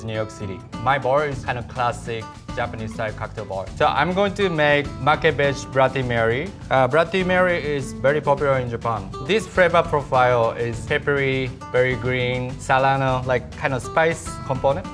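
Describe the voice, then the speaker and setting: A man working as a bartender, demonstrating a cocktail in halting, simple phrases with frequent fillers. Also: medium pitch. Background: guitar music.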